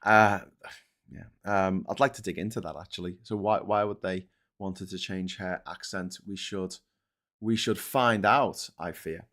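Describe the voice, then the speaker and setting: A man's voice: deep voice, steady tone, a little slow, a bit bright. A middle-aged British man hosting a casual live stream, rambling, swearing often and mocking himself as he reads comments and papers. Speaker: host.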